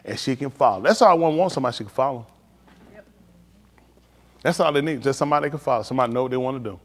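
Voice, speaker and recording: A man's voice: mid-range voice, very fast, in a large hall. A middle-aged man, a preacher, giving casual advice on a live stream, telling stories in vernacular and laughing as he goes.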